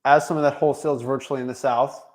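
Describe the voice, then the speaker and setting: A man's voice: mid-range voice, fairly even intonation, racing, a little mellow. A man from Florida hosting a coaching call, upbeat and talkative. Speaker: host and coach.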